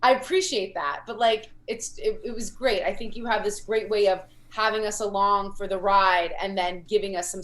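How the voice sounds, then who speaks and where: Female host in her 30s, encouraging comedy feedback over a video call, rambling, mid-pitched voice. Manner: warm praise, rambling with fillers and restarts.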